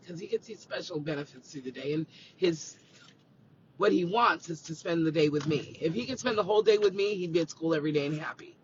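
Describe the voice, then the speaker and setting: Speaking quickly in a somewhat high voice, this livestream host and school staff member tells stories from his car, voicing each character's lines with lots of animation. It's casual chat, captured on slightly muffled phone audio with a faint hiss.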